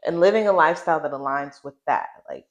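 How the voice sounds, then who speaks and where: A woman's voice: deep voice, quick pace. A woman hosting a podcast in casual chat, reflective and easygoing, repeating words for emphasis. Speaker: podcast host.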